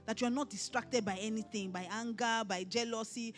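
A middle-aged Nigerian woman pastor delivers a conference sermon in a high, animated voice. She preaches with emphasis and often rises to a shout. Faint music plays underneath. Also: normal speed, hardly any pauses. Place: conference hall.

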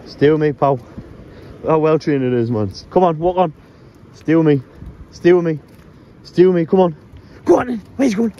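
A man's voice: fairly high pitch, lively intonation, moderate pace, long pauses, mellow, muffled recording. A man walking his dog outdoors on a coastline, chatting casually and coaxing the dog in a sing-song voice, swearing freely.

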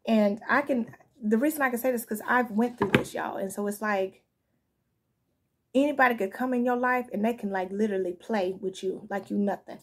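A woman's voice: a little high, fairly quick. A woman giving a casual spoken tarot reading, talking frankly and conversationally and often asking "you know what I'm saying.". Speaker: tarot reader.

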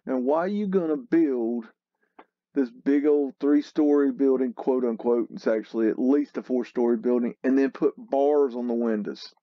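A man hosting a casual photo tour, slowly musing and exclaiming at what he sees. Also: mid-range voice, no echo, highs cut off. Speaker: host narrating a photo tour. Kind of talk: casual commentary over photos.

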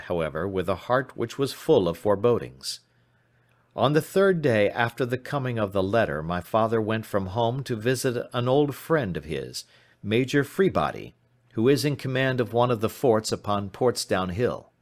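A man reading a classic story aloud in steady, measured scripted narration. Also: fairly low pitch. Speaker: audiobook narrator.

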